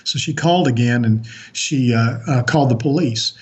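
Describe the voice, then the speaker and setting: A man's voice: medium pitch, normal speed, a little mellow, breathy edge, dull audio. A man on a podcast as a guest, earnestly recounting a personal story with frequent restarts.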